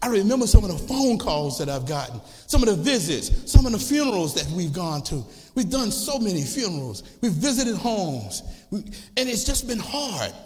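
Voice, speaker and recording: A man preaching a sermon as a church's congregational director, impassioned and repetitive, building up to shouting. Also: sits high, sing-song, moderate pace, soft background music. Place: church sanctuary. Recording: long church reverb.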